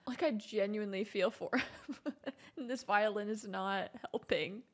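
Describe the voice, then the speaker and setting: A woman's voice: medium pitch, normal speed, soft background music. A woman hosting a movie reaction, talking casually and laughing often. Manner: giggly, with frequent laughter. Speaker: host.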